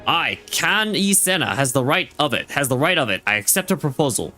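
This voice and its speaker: A man's voice: on the high side, big pitch swings, a little fast, bright, forceful tone, faint music behind. A man reading a stern female fleet admiral's dialogue aloud from a game, stumbling over names and lines as he goes. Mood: solemn.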